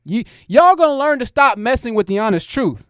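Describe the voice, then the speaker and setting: A man's voice: extremely high pitch, big pitch swings, brisk, a bit bright, clean tone, no echo, clean studio sound. A man hosting a livestream, giving blunt commentary and talking straight to his chat. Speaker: host.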